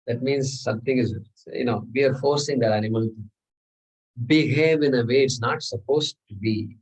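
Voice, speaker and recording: A man's voice: medium pitch, normal speed, slightly rough, recorded from a distance, rough recording. A man teaching a scripture class, talking through verses with rhetorical questions and chanted Sanskrit. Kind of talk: lecture on scripture.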